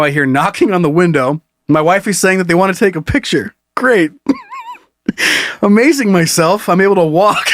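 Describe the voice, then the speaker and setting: Male podcast co-host, slightly high voice, reads stories aloud and laughs through them, dry close mic. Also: fairly bright tone, no room sound. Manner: laughs often while reading. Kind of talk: reading a listener story aloud, casual chat.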